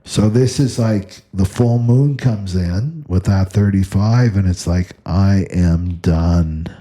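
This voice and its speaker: A man speaks in a very low, unhurried voice with a dark, husky grain. He delivers spiritual advice in loose, repetitive phrases and keeps checking in with a questioning "right?". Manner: repetitive, asks "right?" constantly. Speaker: astrology teacher. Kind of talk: spiritual talk to camera.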